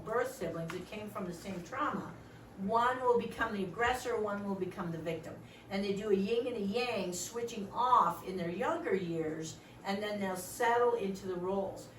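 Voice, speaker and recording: Animated woman trainer in a roomy hall. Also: mid-range voice, far from the mic, a little hiss or hum. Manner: animated, joking, acts out quoted voices. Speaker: volunteer trainer. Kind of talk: training talk to volunteers.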